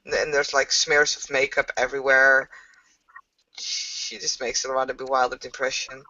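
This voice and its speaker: A woman's voice: very deep voice, flat delivery, sharp tone, dry recording, recorded from a distance, muffled recording. A woman narrating a tabletop game as game master, hesitant and full of fillers. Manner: slow, hesitant with many fillers.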